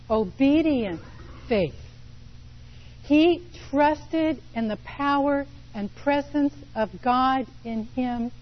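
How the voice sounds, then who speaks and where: Slow, deliberate woman preaching. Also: a little high, lo-fi sound. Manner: slow, deliberate storytelling with pauses. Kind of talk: sermon.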